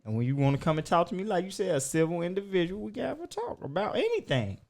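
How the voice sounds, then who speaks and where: A man hosting a podcast, talking in a loud, emphatic, profane way that swings between shouting and muttering. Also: sits high, sing-song, fast talker, vocal fry. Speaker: podcast host. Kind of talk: casual chat.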